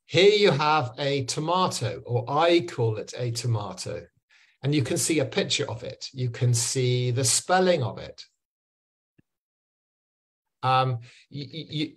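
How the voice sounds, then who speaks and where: A man's voice: mid-range voice, breathy edge. English man teaching pronunciation online. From England. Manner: patient, explanatory, repeats key words. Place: video call.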